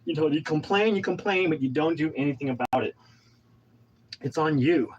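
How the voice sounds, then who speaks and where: A man's voice: fairly high pitch, moderate pace, muffled recording. Man, thirties, out of breath, hyped motivational rambling, restarts a lot, faint background noise. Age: 30s. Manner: pumped-up, preachy, rambling with restarts. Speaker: vlogger. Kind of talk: casual motivational talk while exercising.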